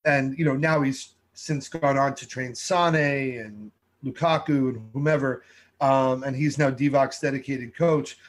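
Animated New man telling stories. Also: medium pitch, unhurried. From New York. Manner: animated storyteller, acts out quotes. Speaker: TV food show host, guest. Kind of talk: casual interview conversation.

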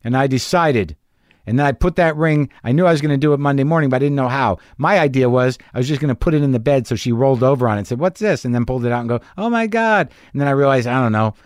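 A man's voice: medium pitch, rapid-fire, darkish tone, no room sound, clean studio sound. A middle-aged man hosting a podcast, telling a rambling, profane, self-mocking story in a casual monologue. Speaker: podcast host.

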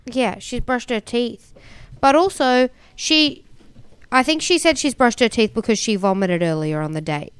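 A woman's voice: fairly high pitch, a little slow, smooth, no room sound. A woman co-hosting a podcast, chatting casually and rambling through a TV show recap. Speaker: podcast co-host.

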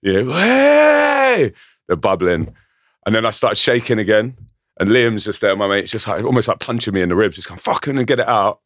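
Man, excitable storyteller, low voice, dry close recording. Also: brisk, no room sound. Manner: excitable storyteller, swears often. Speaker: guest musician. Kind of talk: casual chat.

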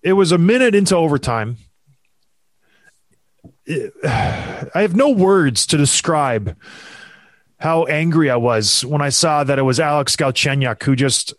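A man's voice: fairly high pitch, animated, unhurried, pauses often, no echo. A man hosting a sports talk show, ranting in exasperation with frequent sighs. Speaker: hockey podcast host. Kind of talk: heated sports commentary chat.

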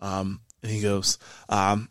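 A man narrating as game master in a relaxed way, full of filler ums. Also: lowish voice, takes it slowly, slight background noise.

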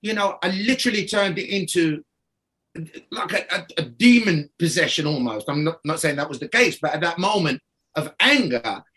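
High, bright-voiced man telling a rambling story. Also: animated, normal speed. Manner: rambling, laughing, many restarts. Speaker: guest. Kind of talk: casual storytelling.

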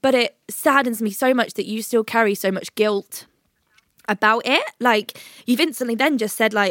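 A woman's voice: a little high, fairly quick, a bit bright, dry recording, studio quality. A woman co-hosting a podcast, crying as she comforts her best friend over a video call, swearing freely. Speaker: podcast co-host. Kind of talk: emotional casual chat.

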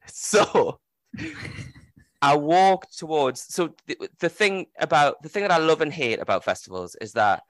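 A man in his thirties tells a story on his podcast, candid and self-mocking, breaking into laughs. His pitch swings widely, and the recording is dry and close. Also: animated, a little slow, no room sound. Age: 30s. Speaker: podcast host. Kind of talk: casual storytelling chat.

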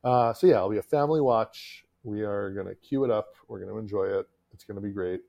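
A man in his thirties co-hosting a podcast in casual chat, animated and jokey, often laughing. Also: lowish voice, fairly quick, creaky. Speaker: podcast co-host.

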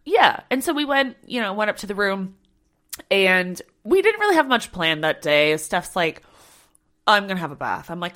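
A woman co-hosting a casual travel chat, telling a story with lively acted-out quotes. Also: medium pitch, a little fast. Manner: animated storyteller, acts out quotes. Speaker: podcast co-host.

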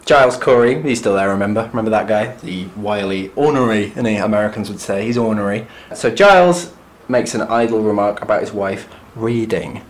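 A man's voice: lowish voice, expressive, fairly quick, few pauses. A man co-hosting a podcast in casual chat, recapping a play with a dry, teasing wit. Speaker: podcast co-host.

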